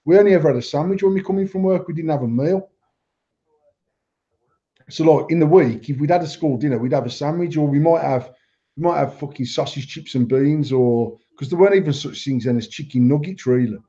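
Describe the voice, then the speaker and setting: A man's voice: fairly high pitch, fairly quick, muffled recording. A man with an English accent, chatting casually as a podcast host, telling stories full of swearing and quoted dialogue. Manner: swearing, storytelling, animated quoting. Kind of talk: casual banter.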